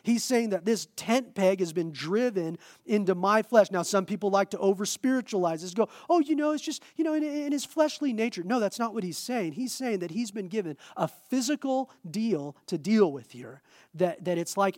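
A male pastor preaching a sermon in a lively, conversational way with self-deprecating humor. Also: sits high, normal speed, no echo, studio quality.

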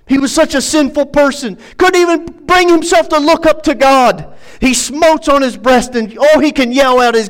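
High-voiced preacher, emphatic and swelling. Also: male voice, moderate pace, low-quality recording. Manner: preaching with swelling, emphatic delivery that drops to quiet asides. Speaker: pastor. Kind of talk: sermon.

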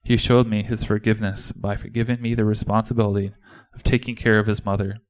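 A man's voice: lowish voice, flat delivery, quick pace. A man performing an impassioned first-person monologue in a church service, speaking as a disciple. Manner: impassioned, indignant storytelling.

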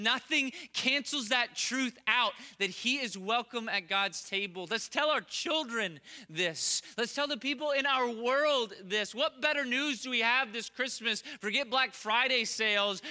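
Guy preaching a christmas-style sermon, earnest and repetitive, high bright voice. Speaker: pastor.

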